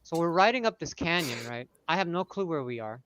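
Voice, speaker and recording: A man from California telling a long, animated story in casual live-stream chat. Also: on the high side, fairly quick, low-quality recording. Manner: animated storyteller, acts out voices loudly.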